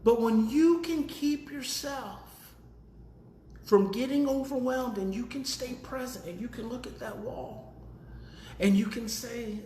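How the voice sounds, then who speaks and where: Animated man teaching in an echoey room. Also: a little slow, slight background noise. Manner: animated, swings from low and calm to loud and emphatic. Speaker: parenting educator hosting a daily live video. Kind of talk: casual live-stream teaching.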